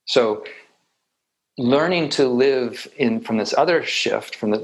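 A man giving a reflective meditation talk with light humor, often pausing and restarting his sentences. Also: mid-range voice, rough recording. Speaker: meditation teacher.

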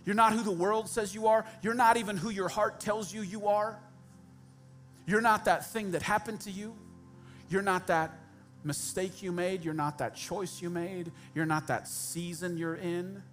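A man's voice: sits high, steady tone, a little slow, fairly bright tone, soft background music. A man preaching a sermon as pastor, speaking directly and conversationally to his congregation with humorous asides.

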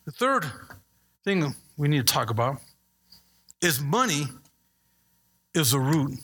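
A man preaching a sermon as pastor, animated and playful, joking with the congregation between points. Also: high-pitched, breathy edge.

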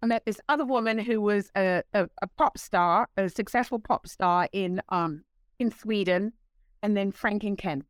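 A woman in her sixties, a guest telling stories in a casual interview, animated and laughing, acting out what others said. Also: medium pitch, normal speed, dry recording. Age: 60s. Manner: animated, laughing, acts out quoted voices.

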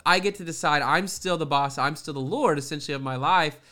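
رجل بصوت مرتفع الطبقة ومفعم بالحيوية. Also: male voice, a little high. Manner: animated, laughs often, quick to joke. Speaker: podcast co-host. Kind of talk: casual faith discussion.

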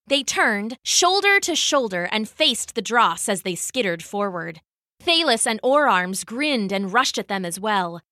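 Woman reading a kids' adventure story, slow and bright, real lively delivery. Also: medium pitch, no echo, clean studio sound. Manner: expressive, animated storytelling. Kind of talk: scripted children's story narration.

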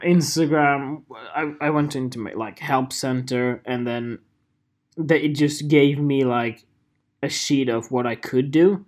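A young Swedish-accented man talks straight to his viewers in a loose, rambling vlog. His delivery is animated and jokey, full of asides and restarts, in a middle-pitched voice. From Sweden. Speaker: photographer. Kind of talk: casual vlog monologue.

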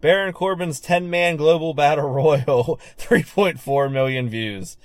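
A man's voice: a little high, measured pace, no echo, clean studio sound. A man co-hosting a casual wrestling podcast, laid-back, often chuckling, running through numbers. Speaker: podcast co-host.

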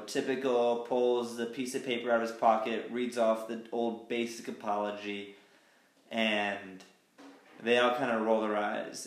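A man's voice: medium pitch, roomy sound. A man co-hosting a podcast, recapping episodes in casual chat and acting out quotes in mocking voices. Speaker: podcast co-host.

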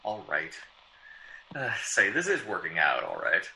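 A man's voice: low voice, huge pitch swings, unhurried, vocal fry, pushed and bright, a little hiss or hum, exaggerated voice, low-quality recording. A man playing a fussy writer who mutters over his own draft, in 1940s radio acting.

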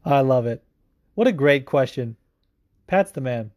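A man's voice: medium pitch, animated, a little slow, darkish tone, no echo, clean studio sound. A man hosting a podcast, casually answering listener questions in a joking, profane, mock-grand way. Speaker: podcast host.

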